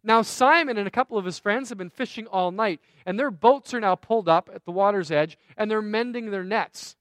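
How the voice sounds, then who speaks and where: A man's voice: sits high, a little fast, fairly bright tone, no echo. A man preaching a sermon, telling a story in a conversational way with self-deprecating asides. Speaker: pastor.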